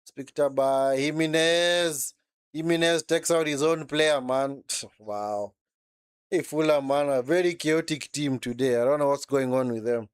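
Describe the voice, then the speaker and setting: His voice is a little high and smooth, recorded cleanly in a studio with no echo. Casually commentating a football match live during a watchalong, he chats and reacts, frequently tagging sentences with short asides like "man" and "eh."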